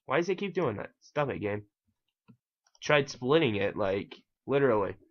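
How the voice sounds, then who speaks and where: A man's voice: medium pitch, sing-song, moderate pace, dull audio. A man giving casual gameplay commentary as host, rambling and self-mocking with casual swearing. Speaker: gaming channel host.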